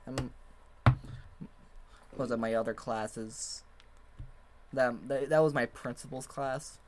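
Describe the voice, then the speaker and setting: A man's voice: mid-range voice, steady tone, slow pace, heavy background noise. A young man in college chatting casually on a podcast, rambling with lots of fillers and frequent laughter. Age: young adult. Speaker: podcast guest.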